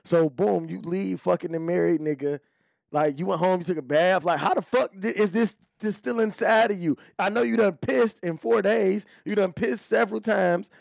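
Gravelly, profane podcast host, a man. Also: sits high, moderate pace, dry recording. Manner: profane, animated, talks straight to male listeners. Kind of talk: casual podcast chat.

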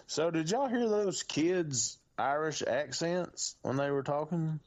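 A man's voice: a little high, animated, takes it slowly. A man co-hosting a podcast, chatting about a horror film in a laid-back, joking way with slangy speech. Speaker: podcast co-host. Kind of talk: casual movie chat. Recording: dull lo-fi mic.

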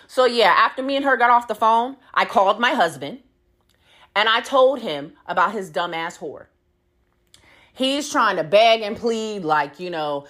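A woman's voice: fairly high pitch, fairly bright tone. A young woman hosting a podcast, telling a story about cheating in a blunt, heated and profane rant. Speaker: podcast host.

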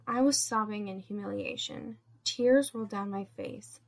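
A woman's voice: on the high side, measured pace, gravelly, a bit bright. A woman narrating a first-person erotic story, reading with small slips and restarts.

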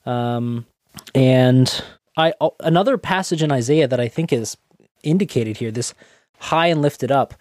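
A man with a mid-range voice answers thoughtfully and pauses often on ums and uhs. He quotes scripture as he talks. The recording is close and dry. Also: mid-range voice, a little mellow, no room sound. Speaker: podcast co-host. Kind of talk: conversational theological discussion.

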